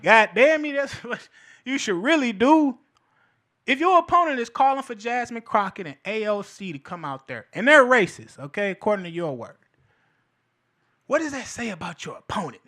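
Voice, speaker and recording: A man's voice: sits high, big pitch swings, moderate pace, bright, forceful tone. A man hosting a show, delivering a casual, profane commentary monologue and laughing between his points. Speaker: show host.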